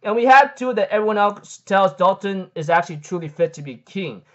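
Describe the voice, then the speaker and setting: A man with a fairly high voice recaps a manga chapter in a casual, meandering way. He keeps stumbling into "like, um" and tosses in "freaking" for emphasis. The recording is dull and lo-fi. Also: lively intonation, brisk, fairly bright tone. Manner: rambling, heavy on "like, um" fillers and "freaking".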